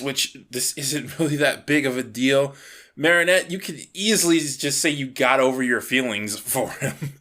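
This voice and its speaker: A man's voice: medium pitch, normal speed, pushed and bright. A man giving a casual, rambling episode recap, often correcting himself and laughing as he goes. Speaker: show reviewer.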